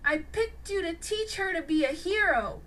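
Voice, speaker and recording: A woman voicing a wise, encouraging male master in a storybook reading, formal and measured. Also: very high voice, lively intonation, fairly bright tone, pitched above the performer's own voice.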